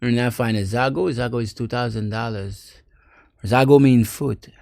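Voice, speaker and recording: A man in casual chat, talking in a halting way and often repeating himself. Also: medium pitch, steady tone, creaky, a little mellow, no echo, studio quality.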